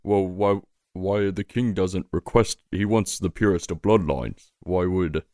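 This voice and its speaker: A big male toad with a low, folksy drawl, leering and pushy and never minding his own business, as a man puts him on. The voice is close and dry, as if spoken right into the mic in a small, dead room, for a tabletop game played out loud. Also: a little slow, dry recording.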